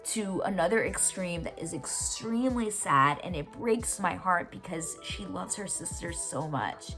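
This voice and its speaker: A woman with a low, full voice talks through a TV episode scene by scene for her podcast. She gushes, acts out the characters' lines and gets teary. Faint music plays quietly behind her. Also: lively intonation, unhurried. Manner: emotional, gushing, retells scenes with quoted lines. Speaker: podcast host recapping a TV episode. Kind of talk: casual episode recap.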